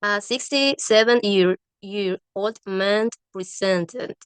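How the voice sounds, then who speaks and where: A woman reading a medical English textbook aloud, halting and often restarting words. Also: medium pitch, smooth, no room sound.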